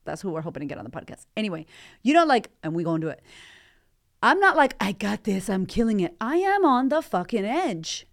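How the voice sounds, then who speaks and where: A woman's voice: a little high, sing-song, fairly quick, a bit bright. A woman hosting a motivational podcast, talking with candid energy and swearing freely. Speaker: podcast host and life coach.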